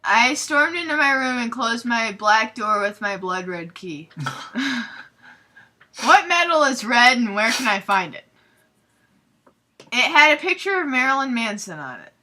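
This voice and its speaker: A young woman hosting a comedic fanfiction readthrough, reading aloud with sarcastic, giggly, deadpan asides. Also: on the high side, a little slow, pauses often.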